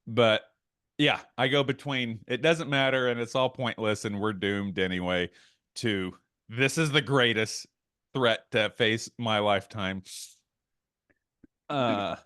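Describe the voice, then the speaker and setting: A man's voice: fairly low pitch, slow pace, a bit bright, smooth, dry recording, clean studio sound. A man co-hosting a casual podcast, talking animatedly and getting worked up, with asides and quoted bits. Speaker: podcast co-host. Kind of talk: casual chat.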